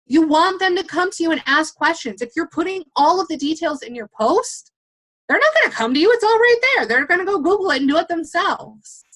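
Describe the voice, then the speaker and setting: A young woman giving a blunt, fast and animated motivational talk as a guest speaker on a team call, swearing casually. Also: very high voice.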